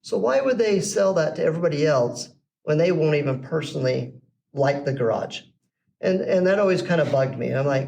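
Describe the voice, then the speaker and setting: His voice is on the high side and gravelly, and he speaks briskly. The middle-aged man, a podcast guest, casually narrates his business story, animatedly performing the voices of its characters, recorded on a slightly distant mic with faint background noise.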